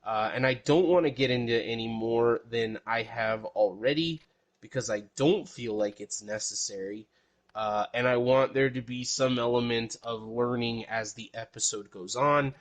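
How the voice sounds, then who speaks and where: Male podcast host from El Paso, casual and profane, mid-pitched voice, talks in loose rambling asides. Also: moderate pace. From El Paso, Texas.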